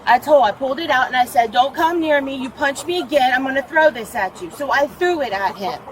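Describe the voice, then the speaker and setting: Captured on an officer's body camera with outdoor noise and low recording quality, a woman with a high-pitched voice and lively intonation describes a domestic dispute to a deputy. Her account is agitated and repetitive, laced with profanity, and she rushes over interruptions.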